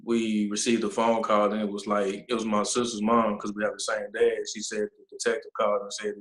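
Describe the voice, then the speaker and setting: A man, a nonprofit founder, telling a personal story in an interview, halting and pausing often with fillers. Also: on the low side, flat delivery, roomy sound, rough recording. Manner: halting, with many pauses and fillers.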